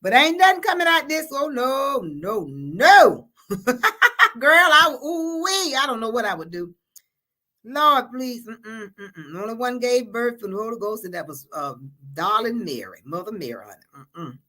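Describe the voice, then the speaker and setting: A woman's voice: a little high, sing-song, measured pace, bright, forceful tone. A woman hosting a casual livestream chat. She reads out viewer comments, laughs often and calls her viewers honey and baby.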